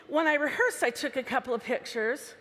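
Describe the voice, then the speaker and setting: High-voiced woman joking on a hall stage. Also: fairly quick, fairly bright tone, a little hiss or hum. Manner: chatty, playful, jokes with the crowd. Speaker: convention speaker. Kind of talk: live stage talk to a large audience. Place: large convention hall stage. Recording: live hall sound with reverb.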